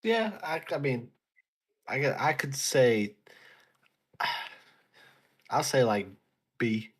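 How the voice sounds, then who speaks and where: A man's voice: medium pitch, very animated, extremely slow, slightly rough. A man with an everyday mid-range voice co-hosts a casual wrestling podcast. His remarks come out offhand and lightly joking. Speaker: podcast co-host.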